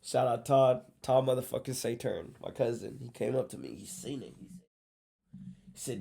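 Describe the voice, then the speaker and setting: A man casually telling a story, animated and profane, acting out what people said. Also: medium pitch, a little fast, vocal fry. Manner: animated, profane, acts out quotes.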